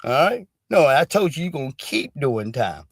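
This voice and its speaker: A man voicing a mocking judge who gloats as he hands down a stiff sentence, raised and loud above his usual talk. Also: mid-range voice, big pitch swings, normal speed, creaky, breathy edge, no room sound, clean studio sound, full character voice. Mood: gloating.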